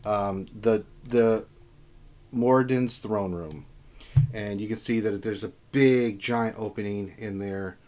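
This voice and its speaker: A man's voice: lowish voice, darkish tone. Casual young male game master. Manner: casual, halting with fillers. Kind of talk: narrating a tabletop game.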